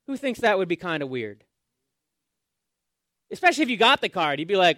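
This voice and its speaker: A man preaching a sermon, often asking his congregation questions and swinging between loud and hushed. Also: high-pitched, very animated, fairly quick, no echo, studio quality. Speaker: pastor.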